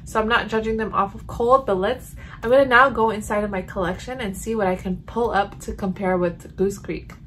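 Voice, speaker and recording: A woman's voice: mid-range voice, brisk, a little hiss or hum. A woman chatting casually in a home vlog, reviewing candles and reacting as she smells each one. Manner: chatty, animated, sniffing and reacting. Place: home room.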